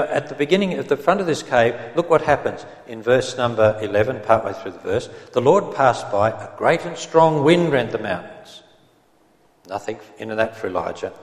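A man preaching an expository sermon in a gentle, earnest manner, reading scripture aloud in old English. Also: medium pitch. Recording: roomy hall with long reverb.

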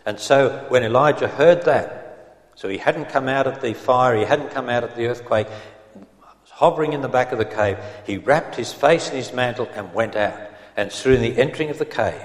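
A man preaching an expository sermon in a gentle, earnest manner, reading scripture aloud in old English. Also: medium pitch. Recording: roomy hall with long reverb.

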